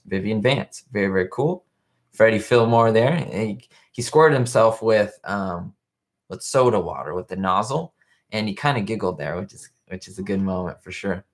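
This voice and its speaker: A young man hosting a casual live-stream commentary, chatting in a rambling way and reading viewer comments aloud. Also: on the low side. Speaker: show host. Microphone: webcam live stream.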